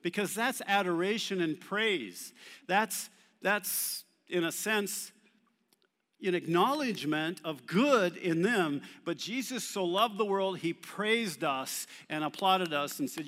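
Slowly, in a high and fairly bright voice, a male pastor works through a sermon in a church hall thick with long reverb. He keeps asking the congregation questions and has them respond.

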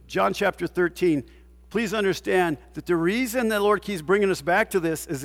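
A pastor with a fairly high voice preaches emphatically at a moderate pace, firing off rhetorical questions and sinking to near-hushed tones before climbing again. A long reverb makes it sound like a large hall.

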